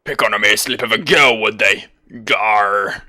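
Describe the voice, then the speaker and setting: A man voicing a gruff middle-aged male sky pirate, reading the game's lines aloud in an old-timey pirate growl. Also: on the low side, a little slow, sharp tone. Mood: grim. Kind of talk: reading game dialogue aloud in voices.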